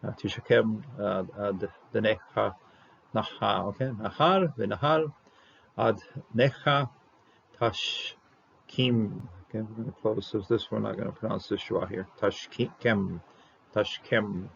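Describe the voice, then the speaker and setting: A low, gravelly man works through a Hebrew verse word by word, pausing often and drawing out each term as he sounds it. The recording is dull and lo-fi. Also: fairly bright tone, slight background noise. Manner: halting, many fillers, sounds out Hebrew words slowly. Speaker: Hebrew Bible teacher.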